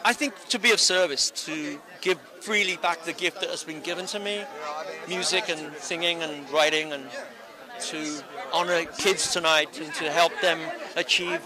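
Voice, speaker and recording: A man's voice: a little high, fairly even intonation, moderate pace, low-quality recording. A man in his sixties answering an interviewer at an outdoor event, rambling and earnest with many restarts. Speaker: interviewee, honoree. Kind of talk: red carpet interview. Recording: busy crowd around outdoor event.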